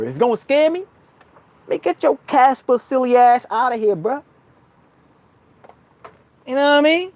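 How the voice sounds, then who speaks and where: A man with a New York accent telling a spiritual story in a casual, slangy monologue, calling the listener son and bruh. He swings between loud outbursts and low murmurs. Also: animated, normal speed, long pauses. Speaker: spiritual vlogger.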